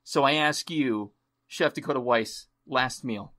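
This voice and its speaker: A man's voice: medium pitch, unhurried, bright, forceful tone. A man hosting a podcast interview, enthusiastic and openly sentimental. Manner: enthusiastic, gushing, chokes up at times. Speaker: podcast host. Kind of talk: casual interview chat.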